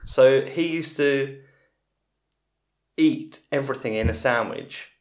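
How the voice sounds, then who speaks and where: A man's voice: medium pitch, slow pace, darkish tone. Rambling man in his forties. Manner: rambling, self-interrupting storyteller. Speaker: guest. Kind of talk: casual storytelling in a podcast interview. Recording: roomy podcast recording.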